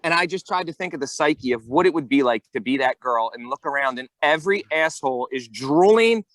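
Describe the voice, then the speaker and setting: Animated man with dry close sound. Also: on the high side, a little fast, no room sound, rough recording. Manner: animated storyteller, acts out voices, swears. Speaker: podcast co-host. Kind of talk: casual chat.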